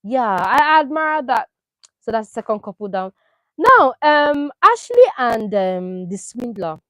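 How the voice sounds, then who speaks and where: A woman doing casual, opinionated commentary on a reality show, animated and full of rhetorical questions. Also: on the high side, measured pace, dry recording, rough recording. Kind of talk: casual chat.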